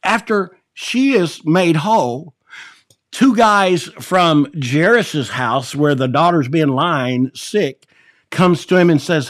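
A male preacher speaking slowly and deliberately, his pitch swinging widely up and down. He stumbles, repeats himself and laughs between points. The voice is close and dry, with no room sound. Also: no echo. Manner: animated, stumbles and repeats words, acts out scripture quotes. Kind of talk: sermon.

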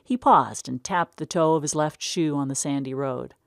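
A woman narrating a short story in a measured, unhurried way. Her voice sits low. The sound is dry and close, as from a studio booth. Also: gravelly, dry recording.

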